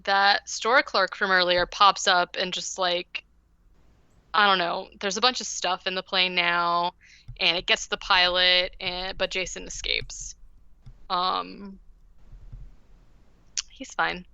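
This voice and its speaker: A woman's voice: fairly low pitch, little pitch movement, slow pace, gravelly, pauses often, bright, forceful tone, clean tone, no room sound, dull audio. A woman podcast host casually recapping a movie, rambling with lots of "like" and "um". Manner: rambling, heavy use of "like" and "um".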